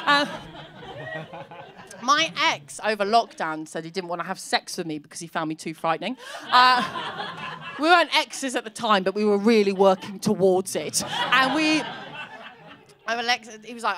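A woman in her thirties doing a bawdy stand-up comedy set on a club stage, acting out characters and breaking into shouts. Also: medium pitch, animated, moderate pace, a crowd in the background. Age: 30s.

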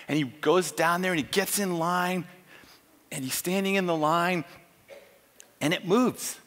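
A man telling a story as a conference speaker at a church, animated and full of fillers. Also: high-pitched, unhurried, long pauses. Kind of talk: storytelling sermon. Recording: long reverb in a church hall.

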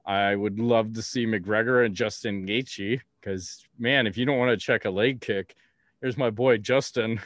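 A man's voice: lowish voice, steady tone, measured pace, a bit bright, no echo. A man hosting a podcast in casual chat, blunt and rambling, swearing freely. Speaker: podcast host.

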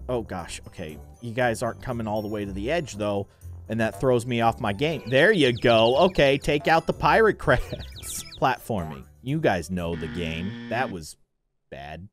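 A man hosting a gaming video, giving playful, joking commentary as he plays. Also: fairly low pitch. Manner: animated, joking, mock-annoyed.

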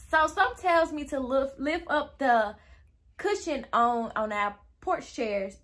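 A woman's voice: high-pitched, lively intonation, moderate pace, bright, forceful tone. A young woman telling a casual storytime to her viewers, chatty and easily sidetracked, acting out quoted dialogue. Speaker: vlogger.

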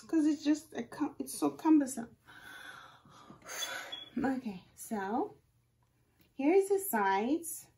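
A young woman with a high, creaky voice vlogs on a phone camera as she talks herself through a wig install. Excitable and exclaiming, she narrates her own actions step by step for her viewers.

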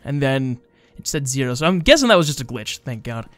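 This young let's-play host sounds tired, yawning and mocking his own stumbles while rambling about the game. His mid-range voice swings widely in pitch at a fairly quick pace, with soft background music and no room sound.

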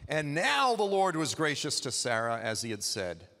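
A man's voice: on the high side, huge pitch swings, normal speed, gravelly, sharp tone. A man giving a sermon in a church, telling the story in a conversational, humorous way. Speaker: guest preacher. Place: church hall. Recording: long hall reverb.

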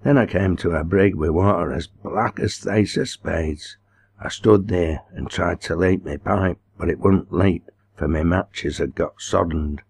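A man voicing a small, solemn village man from the north of England, telling a long tale slowly in broad dialect. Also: low-pitched, gravelly, darkish tone, breathy edge, heavily acted.

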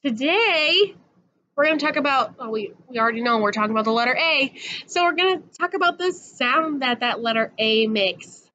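A woman's voice: high-pitched, animated, normal speed, sharp tone, lo-fi sound, a little hiss or hum. A woman teacher giving a patient, sing-song phonics lesson to young children, drawing out each sound.

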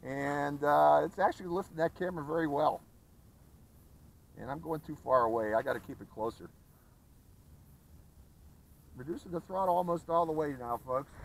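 In this roughly recorded hobby video with slight background noise, a man on the high side in pitch gives casual flight-test commentary. He's outdoors at a flying field, calling viewers folks as he talks about a model plane flight.

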